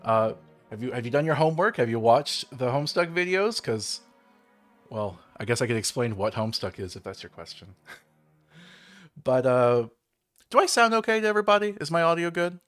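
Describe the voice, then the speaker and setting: A man's voice: mid-range voice, expressive, fairly quick, fairly bright tone, soft background music. A young man chatting casually on his own livestream. He rambles, chuckles often, leans on fillers and makes self-deprecating asides. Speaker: streamer hosting his own channel.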